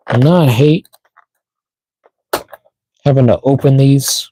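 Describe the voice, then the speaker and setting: A man's voice: medium pitch, expressive, slow pace, long pauses, warm tone, slight background noise, low-quality recording. A man chatting casually to himself while unboxing toys on a live stream, muttering as he fiddles with the packaging. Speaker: toy collector streamer.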